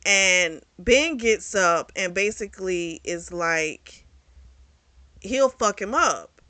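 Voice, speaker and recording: Bright, chatty, profane book reviewer. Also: mid-range voice, animated, slow pace, no room sound. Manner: candid and profane, chatty storytelling. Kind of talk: casual book review retelling a plot.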